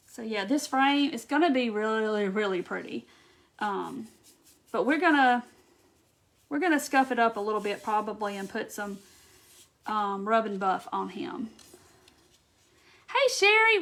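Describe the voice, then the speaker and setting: A woman's voice: mid-range voice, a bit bright. A woman hosting a live craft tutorial, chatting and greeting viewers by name as she reads their comments and works.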